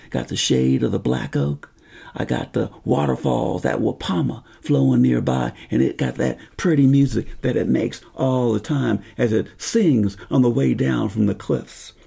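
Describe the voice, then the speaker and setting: A man playing a lone, homesick cavalry sergeant on patrol, speaking in a slow, folksy, plainspoken way. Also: mid-range voice, dark tone, full character voice. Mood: peaceful. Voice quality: gravelly, husky voice. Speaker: historical character monologue. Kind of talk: first-person historical monologue.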